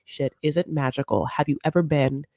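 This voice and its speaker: A woman's voice: low voice, moderate pace, gravelly, no room sound. A woman co-hosting a casual reality TV recap chat, chatty and talking straight to the listeners. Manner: chatty, warm asides to listeners. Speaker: podcast co-host.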